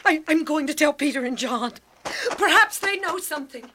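A woman's voice: high voice, lively intonation, normal speed, background noise. A woman playing a grieving young woman disciple in a radio drama, tearful and breathless. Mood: distraught.

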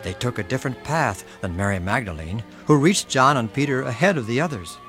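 A man narrating a radio drama in steady, scripted storytelling. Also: mid-range voice, brisk, faint music behind.

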